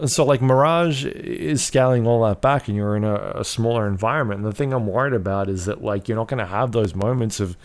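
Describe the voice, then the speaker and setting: Male podcast co-host, slightly low voice, loose and rambling delivery packed with "like" and "um", casual cursing. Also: a little fast, hardly any pauses. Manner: rambling, filler-heavy, swears freely. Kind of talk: casual chat about video games.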